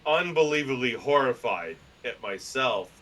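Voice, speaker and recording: A man telling stories as a guest in a casual interview, loud, profane and animated, slipping into other people's voices. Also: mid-range voice, unhurried, poor audio. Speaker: podcast guest and publisher.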